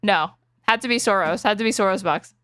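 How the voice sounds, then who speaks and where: A woman's voice: mid-range voice, a little fast, a bit bright, no echo, studio quality. A woman co-hosting a casual chat, blunt and laughing often, swearing freely. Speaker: co-host.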